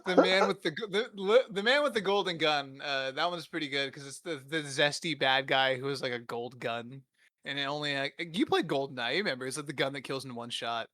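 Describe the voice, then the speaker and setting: A man's voice: fairly high pitch, animated, brisk, bright, forceful tone, no room sound. Rambling, profane young man, dry close mic. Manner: rambling, profane, laughing often. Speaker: podcast host. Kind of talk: casual comedic riffing.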